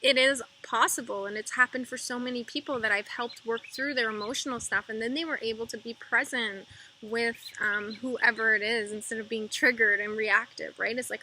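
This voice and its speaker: Woman, spiritual energy reader, very bright and high-ish voice, chatty and rambling, faint hiss behind. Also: steady tone, moderate pace, rough recording. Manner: rambling, filler-heavy; soft repetitive mantra chanting. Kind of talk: casual spiritual monologue.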